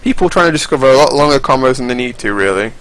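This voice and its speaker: A man's voice: medium pitch, animated, racing, fairly bright tone, low-quality recording. A young man giving casual, rambling, profane commentary over fighting game footage, often restarting his sentences.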